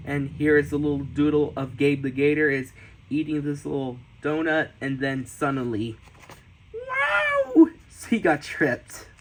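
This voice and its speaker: A man giving a casual tour of his sketchbooks, enthusiastic, often repeating and restarting, with sudden excited squeals. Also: on the high side, rough recording. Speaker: artist showing his sketchbooks.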